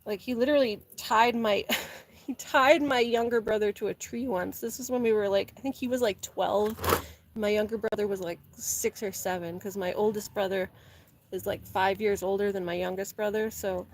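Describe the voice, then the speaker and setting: A young woman vlogger chats casually while repotting plants in her garden, rambling, laughing often, and saying "like" a lot. Her mid-range voice holds a steady tone at a moderate pace, with a little hiss or hum on the recording.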